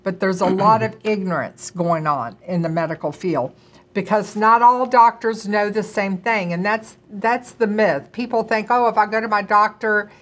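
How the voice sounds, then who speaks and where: A woman's voice: mid-range voice, a little slow. A middle-aged woman co-hosting a health talk, speaking earnestly and at length. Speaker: co-host, doctor's wife.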